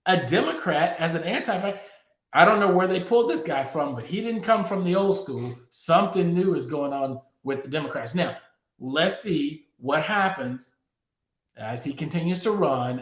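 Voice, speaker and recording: A man hosting a crypto politics show, giving emphatic news commentary straight to his viewers. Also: on the high side. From Texas. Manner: emphatic, addressing viewers directly. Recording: echoey room.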